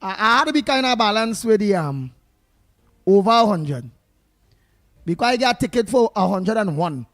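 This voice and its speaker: High-voiced Trinidadian man hosting radio. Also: moderate pace, long pauses. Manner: animated, loud outbursts, sings snatches, mimics others. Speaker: radio show host. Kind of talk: lively call-in radio chat and storytelling.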